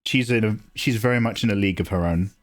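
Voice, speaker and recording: A man in his forties chatting casually on a live drawing stream, animated and self-deprecating, swearing freely. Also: fast talker. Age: 40s. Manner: mocks others with squeaky high voices. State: tearing up, emotional. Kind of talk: casual livestream chat. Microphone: desk mic, no camera.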